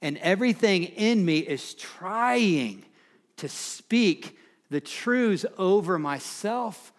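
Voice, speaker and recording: A man's voice: sits high, lively intonation, slow. A man preaching a sermon as pastor, building with passion and emphasis on key phrases.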